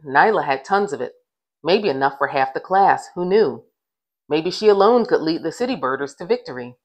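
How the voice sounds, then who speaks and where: A woman, the author, reading a middle-grade novel aloud with gentle, expressive storybook narration. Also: low voice, rough recording.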